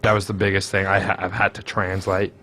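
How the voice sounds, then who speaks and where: Brief: Young Australian man, lowish voice, relaxed storyteller, faint room hiss. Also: fairly quick. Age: young adult. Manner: relaxed, storytelling, careful articulation. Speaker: student guest. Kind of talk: casual interview chat.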